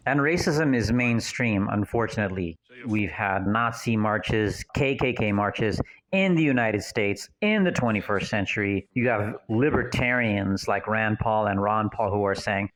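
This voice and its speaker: A male commentator talks over a film, earnest and rambling, moving from one anecdote to the next. His voice is somewhat low. The tone is casual and conversational. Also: measured pace, few pauses, fairly bright tone, rough recording.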